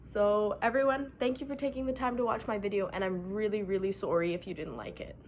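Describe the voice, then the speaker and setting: A woman's voice: mid-range voice, a little fast, a little mellow, slight background noise. A young woman from Western Canada, narrating a scripted explainer in an upbeat, playful, lightly sarcastic way.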